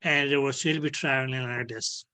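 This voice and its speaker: A man teaching an online physics class, slowly and patiently, filling his speech with "okay" and making small grammar slips. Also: medium pitch, fairly even intonation, sharp tone. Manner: repeats "okay" as filler, non-native grammar slips. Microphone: video call.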